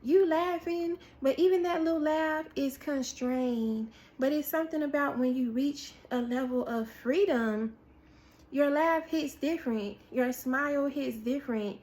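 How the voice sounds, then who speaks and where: A woman with a high voice gives a prophetic word. She speaks slowly, leans on repeated phrases and lingers on the weighty lines. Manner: animated storytelling with acted-out quotes, repetition for emphasis. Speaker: preacher. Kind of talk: prophetic word, sermon-style.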